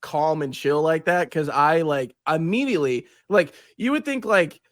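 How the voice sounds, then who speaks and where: A young man hosting a podcast, telling a story in casual chat, animated and swearing, acting out quotes with big jumps in pitch. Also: normal speed, dry recording, clean studio sound. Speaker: podcast host.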